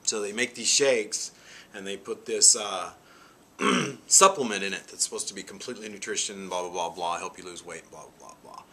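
A man in his forties tells a meandering story to his vlog viewers, filling the gaps with "you know" and "like". His voice sits very low but has a bright, forceful edge. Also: moderate pace, breathy edge. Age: 40s. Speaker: vlogger. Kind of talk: casual chat.

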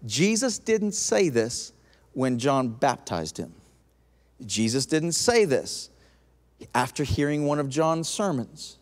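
Man, pastor, high voice, lively sermon, long church reverb. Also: slow. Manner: animated preaching, acts out quoted voices. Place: church auditorium.

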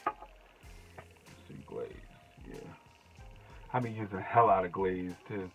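A young man unboxing makeup in a casual vlog, excitable and gushing, gasping and breaking into shouts. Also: deep voice, unhurried, soft background music, low-quality recording. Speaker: beauty vlogger.

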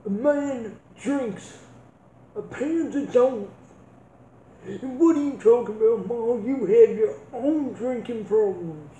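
A gruff, hard-drinking country dad blusters in a folksy drawl, as a man puts him on. His voice is dark and mellow, and his speech drags slowly. The room rings with a noticeable echo. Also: very high voice, slight background noise. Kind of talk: comedic sketch acting. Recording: roomy echo.

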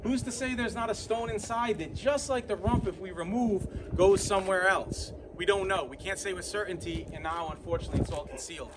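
A man with a Boston accent leading an outdoor walking tour, explaining sites in an animated, persuasive way. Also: high voice, fairly quick, few pauses. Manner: animated, persuasive, points things out on site. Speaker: tour guide and host. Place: outdoors at an ancient site. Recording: outdoor traffic noise behind.

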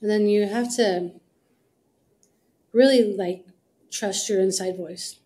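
Earnest mellow-voiced woman guest. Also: medium pitch, slow pace, rough recording. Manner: earnest, encouraging, many fillers. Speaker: business co-founder, guest. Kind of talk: casual interview talk.

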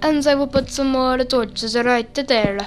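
A woman hosting casual gameplay commentary, energetic and goofy, rambling on with lots of fillers into a close desk mic. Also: high-pitched, measured pace, soft background music. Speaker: gaming channel host. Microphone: desk mic close to the mouth.

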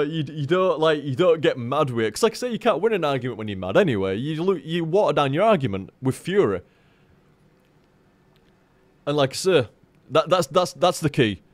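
A man's voice: fairly high pitch, dry recording. A man in frank, rambling live-stream chat, swearing freely and restarting his sentences as he talks to viewers.

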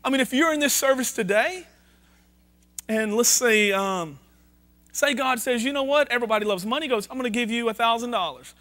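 High-voiced pastor preaching. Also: male voice, brisk, a bit bright. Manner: conversational preaching, reads scripture aloud, asks the congregation questions. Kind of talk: sermon. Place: church sanctuary.

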